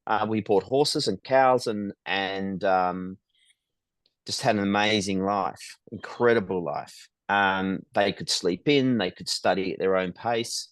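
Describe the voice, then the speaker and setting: Low-voiced reflective middle-aged man. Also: slow pace, no echo. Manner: reflective, frequent ums and restarts. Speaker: guest, business founder. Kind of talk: conversational interview storytelling.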